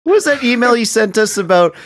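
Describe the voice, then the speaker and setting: A man co-hosting in casual chat, amused and quick to laugh, reading an email aloud. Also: extremely high pitch, animated, dry recording, studio quality.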